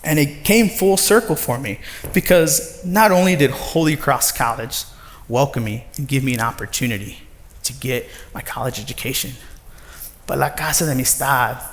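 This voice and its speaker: A man in his thirties giving a personal storytelling talk to an audience, lively and acting out the voices of others. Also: medium pitch. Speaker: nonprofit director giving a talk. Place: large former factory floor before an audience. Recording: long reverb of a large hall.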